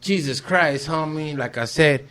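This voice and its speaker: A young man, hosting a laid-back podcast. His voice sits a little high and sounds bright and sharp, full of slang and Spanish words. He acts out quotes with loud, animated voices. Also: a little slow. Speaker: podcast host. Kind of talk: casual stoned podcast banter.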